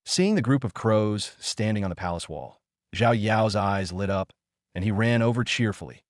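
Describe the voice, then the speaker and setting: A man reading a fantasy story aloud in an even, steady narration, lifting his voice slightly for the characters. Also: on the low side, moderate pace, no echo, studio quality.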